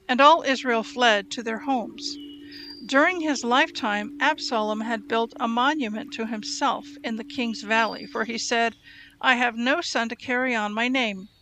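A woman reading scripture aloud in a measured, storytelling way. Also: on the high side, sharp tone, slight background noise. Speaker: Bible reader.

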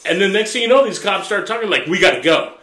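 Animated profane storyteller man, echoey room. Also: high-pitched, fast talker. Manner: profane, animated storyteller, laughs through his punchlines. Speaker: podcast host. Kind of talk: casual storytelling chat.

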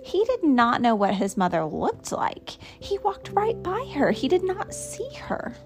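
A woman reading a picture book aloud to her child in an expressive, sing-song storytelling manner. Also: high-pitched, unhurried, faint music behind.

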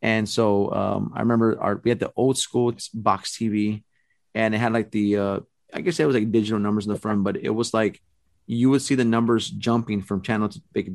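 Male storyteller, low voice, casual and rambling, dry close sound. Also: vocal fry, dry recording. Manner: rambling, animated storytelling with many fillers. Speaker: storyteller guest. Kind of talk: casual chat.

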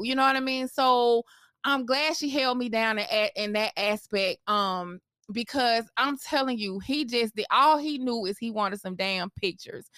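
Candid, animated woman telling a story. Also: fairly high pitch, dry recording, studio quality. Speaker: vlogger. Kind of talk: casual storytelling vlog.

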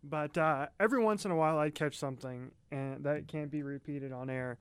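A chatty man co-hosting a podcast, talking straight to his listeners in a folksy, easygoing way. His voice sits a little high and comes across smooth and clear, close on the mic in a dry room with no echo. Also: brisk. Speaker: podcast co-host. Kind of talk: casual chat.

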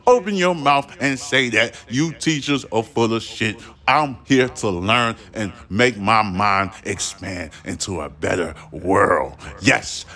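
A man's voice: mid-range voice, fairly bright tone. A man hosting a solo podcast, ranting in a heated, profane and defiant way, preaching at his listeners. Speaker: podcast host.

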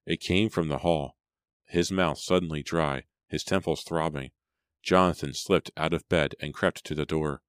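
A man reading a horror story aloud as an audiobook narrator, in a measured storytelling manner. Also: rumbling low, steady tone, clean tone. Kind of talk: scripted narration.

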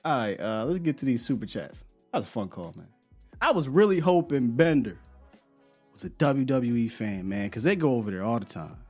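A relaxed man hosting a live podcast, chatting loosely with lots of slang and repeated words. A little music plays faintly in the background. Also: mid-range voice, fairly quick. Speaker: podcast host. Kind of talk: casual live-stream chat.

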